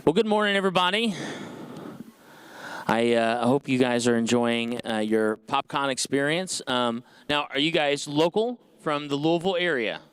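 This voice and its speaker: A man hosting a live podcast panel on a convention stage, wandering around his point with lots of hesitations. His voice comes through smooth and clear, with a dry, close sound. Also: medium pitch, moderate pace, fairly bright tone, no room sound. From Indianapolis, USA. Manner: rambling, heavy with fillers. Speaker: podcast host.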